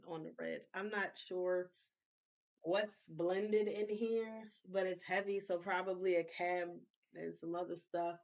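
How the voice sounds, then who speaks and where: A woman's voice: fairly low pitch, gravelly. A woman co-hosting a casual podcast chat, speaking bluntly and directly. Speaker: podcast co-host.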